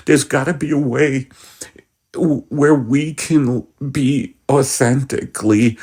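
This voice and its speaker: A man voicing Al, a weary, pedantic husband, in a low, gruff, exasperated voice. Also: a little mellow.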